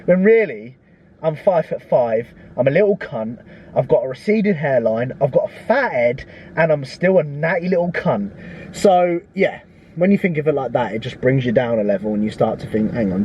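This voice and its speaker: A man's voice: a little high, a little mellow, dull audio, a little hiss or hum. A man chatting casually and profanely, vlogging as a fitness coach from a parked car. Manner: profane, blokey banter. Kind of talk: casual vlog chat.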